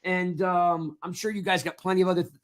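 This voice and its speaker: High-voiced man hosting a sports podcast. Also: little pitch movement, a little fast. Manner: friendly, rambling with restarts. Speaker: podcast host. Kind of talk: casual sports podcast chat.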